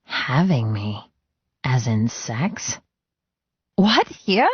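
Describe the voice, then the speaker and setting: A man doing a petulant young woman, pitched up. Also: sing-song, extremely slow, breathy edge, dry recording, exaggerated voice. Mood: flustered. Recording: dull, lo-fi dry studio read.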